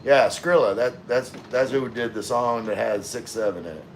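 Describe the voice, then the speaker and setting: A man's voice: mid-range voice, moderate pace, noisy background. A middle-aged man hosting a casual livestream, answering viewer comments in a laid-back way with lots of fillers. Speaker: livestream host reading chat.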